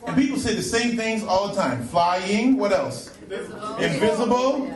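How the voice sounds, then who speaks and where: A man doing a stand-up routine, telling animated stories and slipping into celebrity voices. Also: sits high, normal speed. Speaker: stand-up comedian. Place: comedy club stage. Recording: roomy club sound from a distant mic, crowd laughter and noise.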